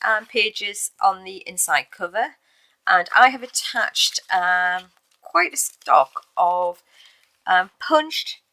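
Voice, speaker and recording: A woman's voice: on the low side, sharp tone, dry recording, rough recording. A woman casually showing a handmade journal she made, talking in a chatty way with fillers and little self-corrections. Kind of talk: casual show-and-tell video.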